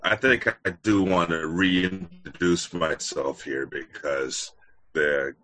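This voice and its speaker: A man introducing himself haltingly over a video call, his voice robotic and choppy from a bad connection. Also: low voice, fairly even intonation, sharp tone, a little hiss or hum. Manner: halting, stop-start speech. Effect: robotic, choppy connection distortion.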